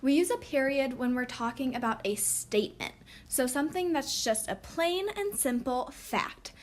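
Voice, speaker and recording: A woman teaching a recorded lesson, speaking slowly and clearly for young children. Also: high voice, lively intonation.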